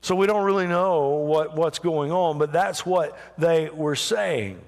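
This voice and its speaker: Emphatic pastor preaching in a reverberant hall. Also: male voice, on the high side, unhurried. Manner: emphatic preaching, swings from hushed to raised. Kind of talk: sermon. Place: church sanctuary.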